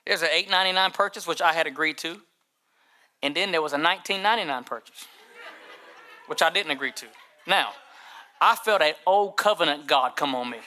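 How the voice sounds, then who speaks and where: Male pastor, humorous animated preacher, forceful tone, stumbles into repeated words. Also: a little high, fairly quick, long pauses. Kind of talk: storytelling sermon.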